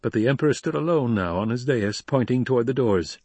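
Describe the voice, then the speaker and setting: A man narrating an audiobook in a steady, even storytelling manner. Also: mid-range voice, a little fast, breathy edge, no echo. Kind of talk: scripted narration.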